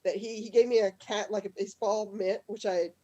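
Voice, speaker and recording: A woman hosting a live storytelling comedy show over a video call, chatty and quick to laugh as she tells her own tale and introduces acts. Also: mid-range voice, steady tone, mellow. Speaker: show host.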